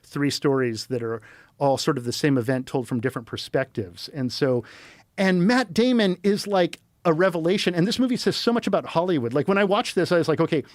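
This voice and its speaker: A middle-aged man chatting as a podcast guest, his voice sitting a little high for a man. He tells rambling stories, slipping into quoted asides as he goes. The sound is close and dry, with no room around it. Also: expressive, a little fast, no echo. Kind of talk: casual chat.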